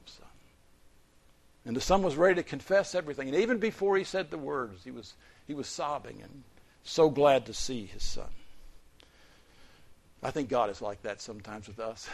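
A man preaching from the pulpit, his voice at an ordinary middle pitch. He swells to loud, forceful emphasis on key phrases, then falls back to quiet, low-voiced asides. When he reads scripture, he slows into a deliberate, stressed cadence. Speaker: pastor. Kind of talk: sermon.

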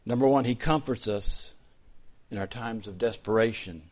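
A male pastor preaching a sermon, dropping to soft whispers and then rising to loud, fervent emphasis. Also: medium pitch, moderate pace.

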